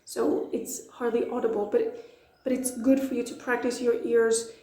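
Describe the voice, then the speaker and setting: This language teacher from Portugal speaks with a high-leaning, dark voice, keeping a level tone and a moderate pace. Her casual video lesson is chatty and playful, packed with examples. The audio is low quality and reverberant.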